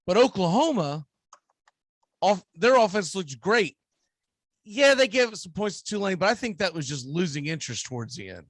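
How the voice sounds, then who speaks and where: A man's voice: high-pitched, very animated, moderate pace, a bit bright, no room sound. A man with a Southern US accent, hosting a sports radio show and ranting emphatically about football. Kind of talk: casual sports talk.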